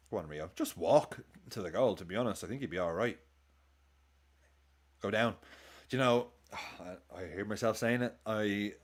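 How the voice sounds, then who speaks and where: A man hosting a football watchalong, chatting excitably and swearing as he reacts live to the game and his chat. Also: on the low side. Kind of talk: live match commentary and chat.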